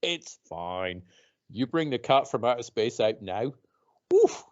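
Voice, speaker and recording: A man hosting a casual podcast chat, animated, mocking others by putting on voices. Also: medium pitch, unhurried. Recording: dull lo-fi podcast audio.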